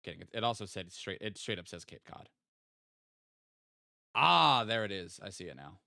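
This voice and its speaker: Lively, playful male game streamer. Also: fairly low pitch, normal speed, vocal fry, dry recording, clean studio sound. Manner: thinks aloud, playful teasing of chat. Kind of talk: casual live-stream game commentary.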